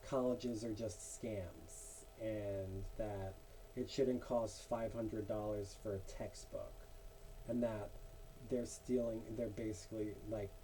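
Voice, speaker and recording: A man's voice: lowish voice, dark tone, slight background noise, poor audio. A young man in a casual monologue while drawing, rambling and venting his frustrations. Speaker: art vlogger.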